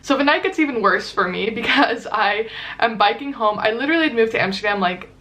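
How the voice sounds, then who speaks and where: A woman's voice: fairly high pitch, lively intonation, bright, forceful tone. Chatty young woman telling a story. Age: young adult. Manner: chatty, fast and filler-heavy, acts out quotes. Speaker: vlogger. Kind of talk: casual storytelling.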